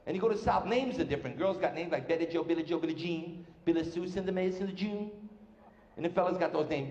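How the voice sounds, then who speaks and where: A man's voice: sits high, a little mellow, highs cut off. A male stand-up comedian, firing off jokes on stage and slipping in character voices. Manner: brash rapid-fire joke delivery, putting on characters' voices. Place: stage before a live audience. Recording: echoey live club sound with room reverb.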